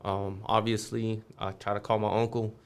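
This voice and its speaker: A man's voice: on the low side, little pitch movement, moderate pace, gravelly. A man guest on a podcast, telling a street story casually, swearing freely and acting out the voices of the people in it.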